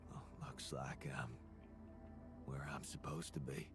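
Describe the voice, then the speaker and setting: A man's voice: rumbling low, steady tone, a little slow, creaky, a bit bright, soft background music, exaggerated voice. An actor playing a troubled, bewildered alternate version of a man in a video game, speaking with a Southern accent in a hesitant, searching way that drops to whispers. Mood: confused. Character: troubled male alter self, rugged, bewildered.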